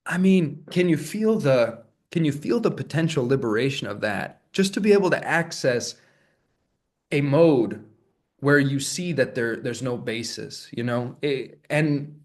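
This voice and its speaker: A man talking alone in a reflective solo monologue, musing and searching, often restarting phrases and breaking into soft laughs. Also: mid-range voice, a little slow. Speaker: vlogger.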